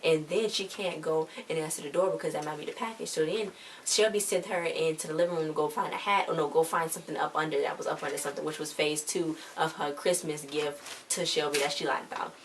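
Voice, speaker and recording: A woman excitedly retelling a TV episode in a casual, rambling way, full of slang. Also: sits low, fast. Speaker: episode reviewer. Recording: distant mic with faint hiss.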